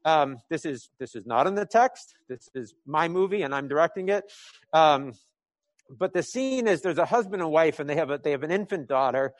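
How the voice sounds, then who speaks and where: A man's voice: on the high side, animated, moderate pace, dry recording. A man from New England preaching conversationally, painting a scripture story like a film scene with many fillers and restarts. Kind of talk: sermon told as a vivid imagined film scene.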